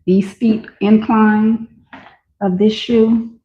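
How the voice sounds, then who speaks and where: A woman vlogger with a medium-pitched voice chats casually and enthusiastically to her viewers as she tries on and sells shoes, her delivery flat and her words drawn out. It's relaxed shop-with-me commentary, captured in a roomy, slightly dull home recording.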